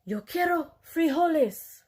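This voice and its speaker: A gruff Chihuahua leader who growls his words and speaks solemnly, as a woman puts him on. He is the biggest of a small band of dogs in a storybook. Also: high voice, animated, slow, darkish tone, pitched above the performer's own voice.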